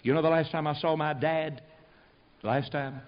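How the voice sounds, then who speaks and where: An older man from the United States preaching a folksy, storytelling sermon, swinging from loud to hushed. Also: on the high side, steady tone, moderate pace. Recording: dull lo-fi recording.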